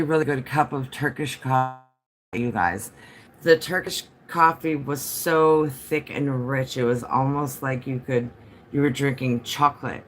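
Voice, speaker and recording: A man's voice: medium pitch, fairly bright tone, a little hiss or hum. Rambling man chatting on a livestream. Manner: rambling, chatty, answers viewer comments. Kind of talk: casual livestream chat. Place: home.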